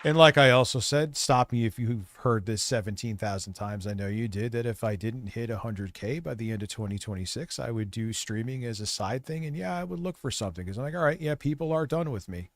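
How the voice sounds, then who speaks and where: A man live-streaming, rambling and reacting loudly in casual, profane commentary. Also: on the low side, a little fast, few pauses.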